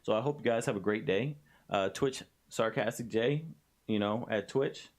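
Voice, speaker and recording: Blunt, fired-up man with a lowish voice. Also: normal speed. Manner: blunt, passionate, swears freely, swings between low mutters and loud outbursts. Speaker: streamer and vlogger. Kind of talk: casual motivational vlog.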